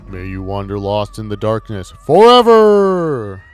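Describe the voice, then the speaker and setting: A man voicing a menacing male ghost from a video game, speaking in slow, drawn-out taunts. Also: on the low side, very animated, smooth, faint music behind.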